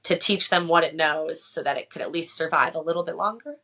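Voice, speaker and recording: Lower-voiced Massachusetts woman, enthusiastic guest. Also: bright, forceful tone. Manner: enthusiastic, teasing, quick to laugh. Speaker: guest, whale conservationist. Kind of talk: casual interview chat.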